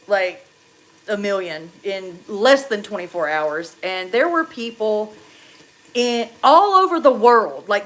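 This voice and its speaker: A woman, chatting casually and animatedly on a livestream, quick to laugh. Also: medium pitch, fairly bright tone. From North Carolina.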